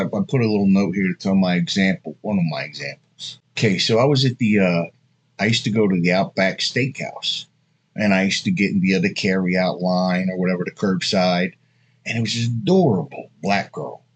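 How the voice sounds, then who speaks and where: A man's voice: sits low, a little fast, breathy edge. A man in his thirties giving blunt, crude dating advice in a rambling, casual monologue full of asides. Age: 30s.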